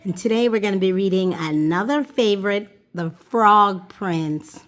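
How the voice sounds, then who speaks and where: The host of a storytime channel, a woman with a medium-pitched voice, reads a children's fairy tale aloud at an unhurried pace, expressive and sing-song.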